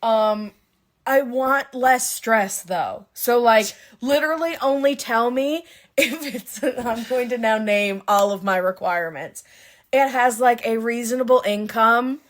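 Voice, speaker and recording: A Canadian woman co-hosting a podcast in casual chat, chatty and excitable, quick to gasp and laugh. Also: fairly high pitch. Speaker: podcast co-host.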